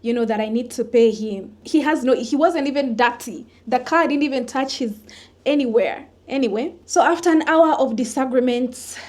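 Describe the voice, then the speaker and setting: A woman, a vlogger telling a personal story in an animated way and acting out the dialogue. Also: high-pitched, moderate pace. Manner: animated retelling that acts out the dialogue.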